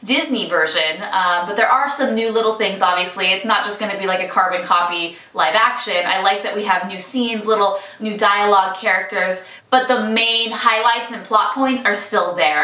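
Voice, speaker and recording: A woman's voice: medium pitch, pushed and bright. A woman chatting enthusiastically and casually as she reviews a film trailer. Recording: echoey room, mic at some distance.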